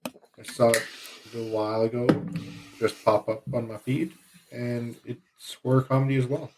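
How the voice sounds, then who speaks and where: A man's voice: mid-range voice, flat delivery, normal speed, a little mellow, low-quality recording. Offhand man with faint background noise. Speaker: podcast co-host. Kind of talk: casual chat.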